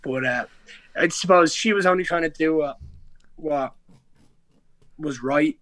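A man's voice: fairly high pitch, unhurried, a bit bright, no room sound. A young Irish man in a casual podcast interview, telling stories in a rambling way with many restarts and slang. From Ireland. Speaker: guest, pro MMA fighter.

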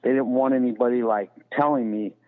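As a podcast guest, a man rambles through a story in a casual, profane way, leaning on "you know" throughout. His voice is mid-range, steady in tone and a little fast, and the recording is tinny and phone-like with long reverb.

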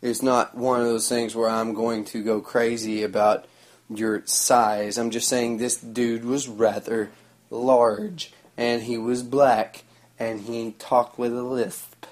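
A man's voice: medium pitch, flat delivery, slow. A man, telling a rambling story in a sarcastic, crude, mocking way. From Oklahoma. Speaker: vlogger.

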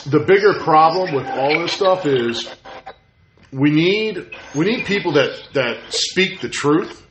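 A man hosts a casual talk and tells stories with animated, acted-out quotes. His voice sits a little high. The room around him is echoey. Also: slow, a little hiss or hum. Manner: animated storyteller, acts out quotes. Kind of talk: casual chat. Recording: roomy echo.

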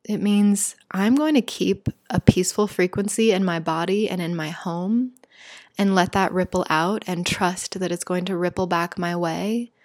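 A woman giving a heartfelt spiritual talk, earnest and emphatic, shaken but steady. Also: on the low side, normal speed. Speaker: spiritual speaker.

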